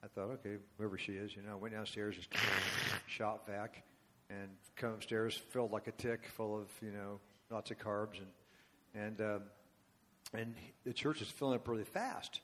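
Older guy preaching in a church, lowish voice, wanders off on side remarks and talks to the crowd. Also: steady tone, moderate pace, background noise. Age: 70s. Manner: rambling and conversational, asides to the congregation. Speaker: guest speaker and worship leader. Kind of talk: storytelling sermon. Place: church before a congregation.

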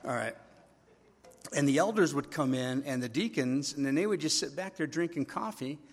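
Husky middle-aged man preaching. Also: a little high, animated, moderate pace. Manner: conversational, anecdotal preaching with acted-out quotes. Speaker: pastor. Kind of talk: sermon.

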